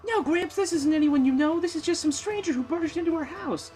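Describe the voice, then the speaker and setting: A man doing a shrill, high young woman. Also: brisk, darkish tone, soft background music. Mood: exasperated.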